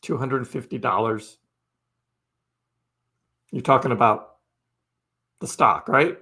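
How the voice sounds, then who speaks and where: Slow and mid-pitched, his voice comes across bright and forceful with a breathy edge. He's running a relaxed crypto live stream, chatting freely, laughing often, and addressing viewers by name.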